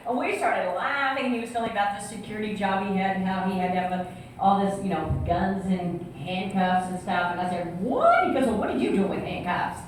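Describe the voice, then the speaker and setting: A woman's voice: medium pitch, brisk, a little hiss or hum. A woman speaking at a church singles event, telling a personal story with laughter and acted-out voices. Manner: animated, laughing, acting out voices in her story. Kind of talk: storytelling talk to an audience. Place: church hall with audience. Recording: echoey church hall from a distant mic.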